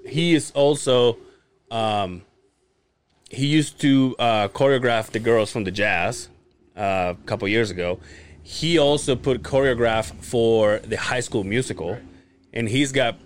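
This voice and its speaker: A man co-hosting a podcast, telling energetic stories in casual chat and swearing freely. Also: medium pitch, unhurried, slight background noise. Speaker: podcast co-host.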